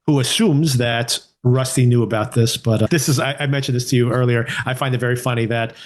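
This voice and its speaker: A man's voice: mid-range voice, fairly even intonation, brisk. Male podcast co-host, easygoing mid-range voice, conversational reviewer who muses and questions as he goes. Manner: conversational, thinking aloud with restarts and rhetorical questions. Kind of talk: casual TV review chat.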